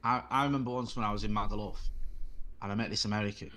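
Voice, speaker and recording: A Mancunian man in his forties, a guest and former reporter, telling rambling, animated stories in casual chat. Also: on the low side, very fast. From Greater Manchester.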